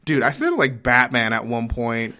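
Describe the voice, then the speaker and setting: A man co-hosting a podcast in casual chat, easygoing and loose, filling pauses with uh and like. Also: mid-range voice, big pitch swings, bright, forceful tone. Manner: easygoing, with many fillers like uh and like. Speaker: podcast co-host.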